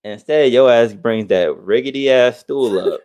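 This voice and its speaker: A man's voice: medium pitch, normal speed, clear, resonant tone. A man co-hosting a casual podcast, ranting heatedly with lots of profanity and mocking quotes. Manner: heated, profane, swings between loud outbursts and mock quotes. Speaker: podcast co-host.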